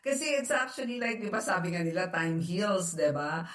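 Echoey, distant woman co-host chatting. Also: brisk. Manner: lively, jumps into mock dialogue with sharp pitch rises, laughs often. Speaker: co-host and psychologist. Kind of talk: casual Taglish faith talk show chat.

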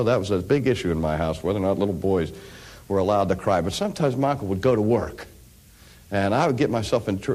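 A middle-aged man with a low voice preaches a sermon, sinking to hushed near-whispers and then rising to loud, ringing peaks.

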